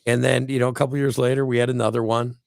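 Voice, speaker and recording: A man's voice: medium pitch, level tone, very fast, vocal fry, darkish tone, dry recording, clean studio sound. A middle-aged man co-hosting a casual talk show, rambling and preachy, acting out little quotes as he goes. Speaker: podcast co-host. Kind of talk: casual motivational chat.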